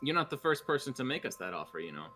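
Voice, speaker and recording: A man playing a tabletop game, talking in a casual, measured way. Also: medium pitch, big pitch swings, pushed and bright, faint music behind. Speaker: player.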